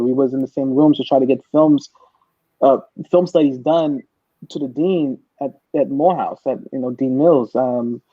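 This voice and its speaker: A man from Brooklyn, New York, speaking as a film director on an online panel, shocked and upset, halting and repeating his words. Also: mid-range voice, no echo, muffled recording.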